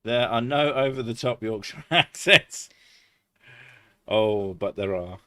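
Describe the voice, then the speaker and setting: A man's voice: medium pitch, expressive, takes it slowly, sharp tone, dry recording. A man chatting casually on a live stream, swearing freely and laughing often.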